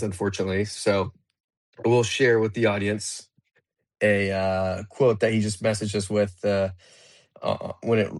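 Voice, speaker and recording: Host, male, low and gravelly, rambling panel talk full of fillers, remote audio room. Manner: loose and rambling, many fillers and restarts. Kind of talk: casual market discussion.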